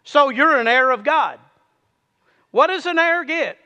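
A man's voice: very high-pitched, animated, unhurried, bright, forceful tone, in a large hall, muffled recording. A man preaching a sermon, urging his listeners to repeat lines back to him.

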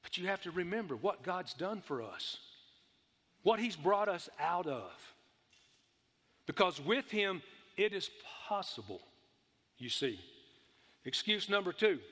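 A man preaches with a high, ringing voice. He presses his points hard, asks the room for amens and slows right down on the words he wants to land. The sound carries a long reverb from the church hall. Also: big pitch swings, a bit bright. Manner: emphatic, calls for amens, drawls key words slowly. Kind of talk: sermon.

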